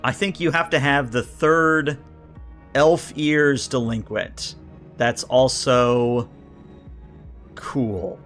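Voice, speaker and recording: A man streaming from a home desk mic, talking his way through a rulebook in a casual, rambling way. He reads list entries aloud and adds quick comments, with plenty of filler words and restarts. Soft music plays in the background. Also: medium pitch. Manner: thinks aloud, reads list entries then riffs on them; chatty, answers chat, frequent filler words and restarts. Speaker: streamer reviewing a tabletop RPG book.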